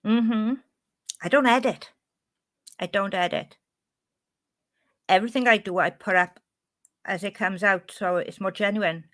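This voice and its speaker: A woman's voice: medium pitch, steady tone, unhurried, long pauses, a bit bright. A woman with a Welsh accent chatting casually on a live stream, reading out and answering her chat.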